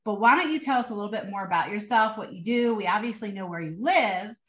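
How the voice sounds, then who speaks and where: A woman's voice: mid-range voice, animated, fast, a bit bright. Woman podcast host in an echoey room. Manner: friendly, joking, leading questions. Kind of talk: casual interview. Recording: roomy echo.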